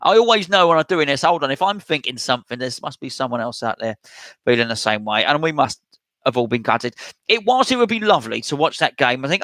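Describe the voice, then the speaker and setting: A man's voice: fairly high pitch, lively intonation, brisk, a bit bright, no room sound. Chatty man reading live chat. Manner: chatty, reads out viewer comments and replies. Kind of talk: casual live-stream chat.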